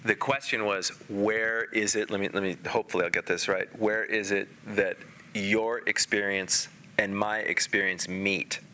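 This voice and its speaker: A man giving a spiritual talk to a live audience, telling stories in a lively way with frequent laughs and restarts. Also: on the low side, moderate pace, a little hiss or hum. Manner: animated storyteller, laughs often, many restarts. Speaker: spiritual teacher. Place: meeting room with a live audience.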